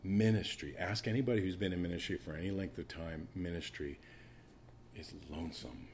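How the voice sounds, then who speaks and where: A man preaching a sermon, swinging between loud emphatic stretches and hushed asides, repeating words for emphasis. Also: sits low, fast talker, a little hiss or hum.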